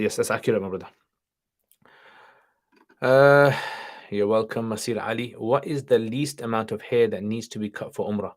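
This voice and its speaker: A man hosting a casual livestream, reading viewers' questions aloud and answering them offhandedly, sprinkling in Arabic greetings and religious terms. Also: lowish voice. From studied nine years in Pakistan, now in England.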